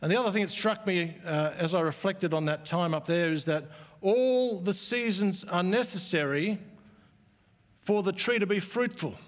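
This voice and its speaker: High-voiced pastor preaching in a hall. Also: male voice. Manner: earnest, slow emphatic stresses with warm asides. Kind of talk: sermon. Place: church auditorium. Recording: echoey church hall.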